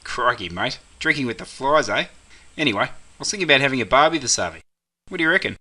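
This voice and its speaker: A man's voice: medium pitch, expressive, fast talker, bright, forceful tone. A man doing a cheery Aussie mate. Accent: Australian. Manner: easygoing slangy chatter. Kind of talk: scripted comedy sketch.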